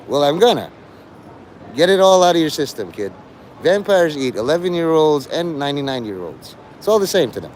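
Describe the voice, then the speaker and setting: Male streamer, taunting teacher manner, lively pitch, faint traffic hum. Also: a little fast. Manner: lecturing, taunting, mock-teacherly. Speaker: livestreamer. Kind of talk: casual livestream chat.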